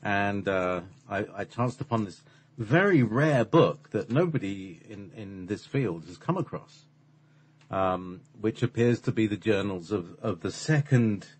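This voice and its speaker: A man's voice: fairly low pitch, expressive, unhurried, husky. A man chatting casually and rambling, full of fillers and restarts. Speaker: channeler and voice performer. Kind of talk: casual conversation.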